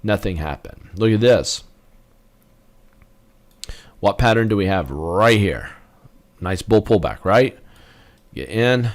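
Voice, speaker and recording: Animated man walking through stock charts. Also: fairly low pitch, takes it slowly, long pauses. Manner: animated, punctuates moves with sound effects. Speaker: trading educator. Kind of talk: chart walkthrough lesson.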